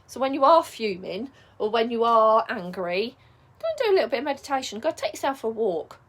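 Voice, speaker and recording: A woman's voice: on the high side, big pitch swings, brisk. A middle-aged woman coaching viewers in a casual advice vlog, chatty and reassuring, often checking in with "yeah?". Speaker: spiritual life coach.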